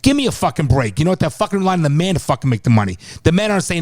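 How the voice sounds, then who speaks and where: A man's voice: fairly high pitch, big pitch swings, quick pace, a little mellow. A middle-aged man co-hosting a casual podcast, ranting and swearing in exasperation. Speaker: podcast co-host, father. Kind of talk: casual chat.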